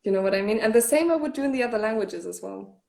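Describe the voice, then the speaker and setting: A woman's voice: on the high side, lively intonation, racing, creaky, dark tone. A woman from Germany, a German native speaker, chatting as an actress guest in an interview and talking freely with many "like" fillers and restarts. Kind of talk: casual interview chat.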